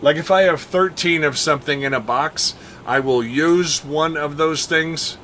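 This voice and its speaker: A man with a bright, forceful voice gives casual gameplay commentary on a live stream. He chats with viewers, counts and thinks out loud, and laughs often. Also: on the high side, measured pace, slight background noise.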